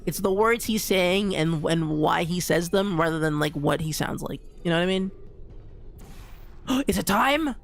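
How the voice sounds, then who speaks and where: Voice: medium pitch, moderate pace, creaky, hardly any pauses. A game streamer giving casual gameplay commentary, rambling with lots of restarts and repeats and an easy "dude" here and there. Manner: calls people "dude".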